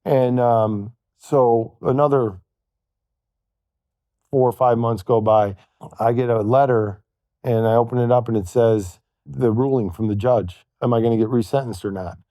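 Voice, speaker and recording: A man telling a long personal story as a podcast guest, halting and quoting what others said to him. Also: mid-range voice, steady tone, warm tone, no echo, studio quality. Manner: halting, retells events with quoted dialogue. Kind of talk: storytelling in conversation.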